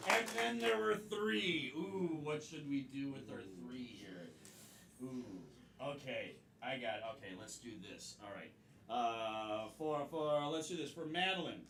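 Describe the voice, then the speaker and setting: A man hosting a live improv comedy show, energetic, laughing, calling out to the audience. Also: mid-range voice, unhurried, noisy background. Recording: roomy stage sound from far off.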